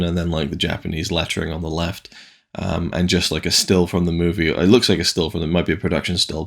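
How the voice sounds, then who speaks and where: A man's voice: deep voice, gravelly. A man hosting a casual video rundown of new disc releases, rambling and enthusiastic, with frequent restarts and asides. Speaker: physical media reviewer.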